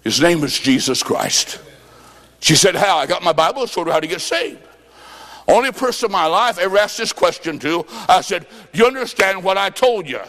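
A man preaching a revival sermon, telling a story and then calling people to prayer, with dramatic swings from quiet lines to shouting. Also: sits high, expressive, fairly quick. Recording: long hall reverb.

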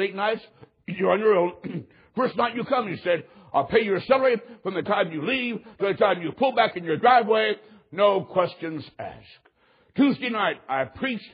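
A man preaching a sermon, telling a story in an animated way that swings from loud outbursts to hushed moments. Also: high-pitched, slightly rough, lo-fi sound.

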